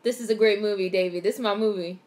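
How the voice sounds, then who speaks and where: Speaking quickly in a mid-range voice, a young woman vlogger excitedly reacts to a movie live. She talks casually through the on-screen action, swearing freely.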